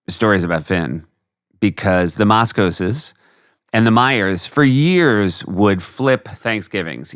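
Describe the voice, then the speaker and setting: A middle-aged man co-hosting a podcast, chatting casually with quick jokes and rambling asides. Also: sits low, a bit bright, clear, resonant tone, no room sound, studio quality. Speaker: podcast co-host. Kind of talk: casual chat.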